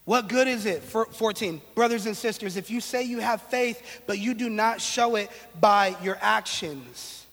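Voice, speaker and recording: A man's voice: sits high, a little slow, hardly any pauses, a bit bright, long reverb tail. A man preaching a casual, conversational sermon in a slangy, playful way, with sarcastic asides.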